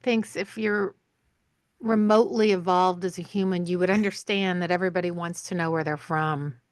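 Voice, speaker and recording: A woman's voice: lowish voice, fairly even intonation, moderate pace, no room sound. Woman host asking direct questions, dry sound. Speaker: podcast host. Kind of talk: conversational interview.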